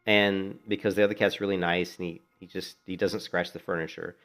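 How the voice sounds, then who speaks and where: In a low voice with a level, fairly bright tone, a middle-aged man talks a little fast during a casual game stream from his home in Florida. He's relaxed and rambling in his storytelling and swears freely.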